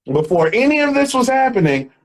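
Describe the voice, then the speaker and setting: A comedian talking in a loose, animated way, laughing through his stories. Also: very high voice, brisk, a little hiss or hum, poor audio. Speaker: comedian guest. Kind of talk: casual chat.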